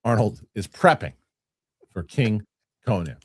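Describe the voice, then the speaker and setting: A man's voice: on the low side, very animated, a little slow, husky, no room sound, clean studio sound, exaggerated voice. A man doing an impression of a boastful, stubborn aging action star with a put-on Austrian accent and a clipped, defiant way of talking.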